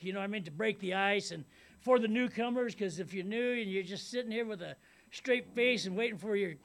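A middle-aged man tells his story to a room full of people at a recovery meeting. His voice is pitched high with a gravelly texture. He rambles casually and keeps checking in with his listeners. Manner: rambling and casual, with many "man" and "you know what I mean". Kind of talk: personal recovery talk to a meeting. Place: meeting room before a live audience.

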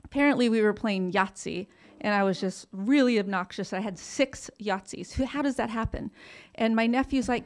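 With a high-leaning, animated voice at normal speed, a woman frankly tells her own recovery story. She's self-deprecating and swears casually, laughing through painful memories.

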